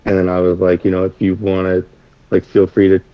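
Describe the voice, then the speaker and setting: A man's voice: deep voice, monotone, brisk, lo-fi sound. A man appearing as a guest rapper, talking in a rambling way with lots of restarts and swearing. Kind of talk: casual chat.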